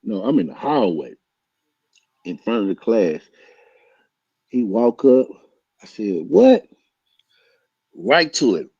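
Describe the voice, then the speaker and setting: A man telling a story loudly and excitably, acting out voices and punches with sound effects. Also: lowish voice, measured pace, pauses often, slightly rough, no echo. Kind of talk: animated storytelling. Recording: dull lo-fi sound.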